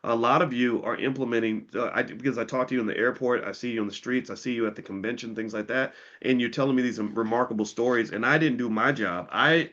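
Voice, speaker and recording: A man's voice: medium pitch, fairly bright tone, dull audio. A middle-aged man giving a finance talk on a livestream, preachy and repetitive, turning heated and profane at times. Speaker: finance educator.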